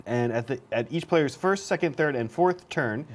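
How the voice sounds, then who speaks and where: A man with a mid-pitched voice walks players through the rules of a wargame mission. He speaks in a steady, measured way. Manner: measured, explanatory. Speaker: rules explainer. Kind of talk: explaining game rules.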